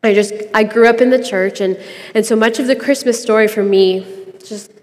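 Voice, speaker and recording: A young woman shares a reflective devotional in an earnest, conversational way and laughs easily. She has a middle-pitched voice. The sound carries a long reverb. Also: fairly even intonation, normal speed. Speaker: podcast co-host giving a devotional.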